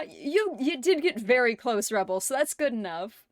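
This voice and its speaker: A woman's voice: a little high, sing-song, normal speed, dry recording, studio quality. A woman hosting a livestream, chatting casually and reading viewer messages aloud, laughing often between lines. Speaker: livestream host.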